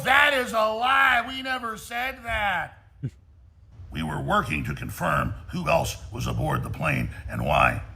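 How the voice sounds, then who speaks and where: A man with a high, gravelly, bright voice rants like a talk-show host. He mocks people in put-on voices and says the same thing over and over. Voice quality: gravelly, mocking. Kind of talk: ranting talk-show commentary.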